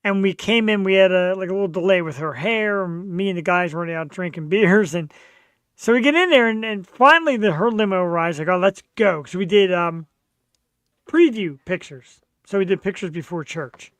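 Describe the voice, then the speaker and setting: A man hosting a talk show, telling animated, self-mocking stories in casual chat. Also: high-pitched, normal speed, clear, resonant tone, dry recording.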